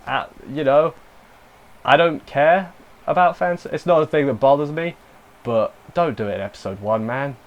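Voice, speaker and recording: A man's voice: fairly high pitch, moderate pace, lo-fi sound. A young man casually recapping and reviewing an anime episode, rambling with self-deprecating asides and lots of fillers.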